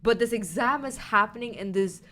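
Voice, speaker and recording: A woman's voice: fairly high pitch, normal speed, pushed and bright, a little hiss or hum. A young woman co-hosting a podcast, telling a long story in casual chat, rambling, swearing and laughing often. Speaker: podcast co-host.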